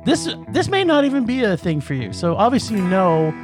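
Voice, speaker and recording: A man co-hosting a podcast, ranting about movies in an animated way and laughing often. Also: high-pitched, brisk, music in the background. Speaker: podcast co-host. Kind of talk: casual podcast movie rant.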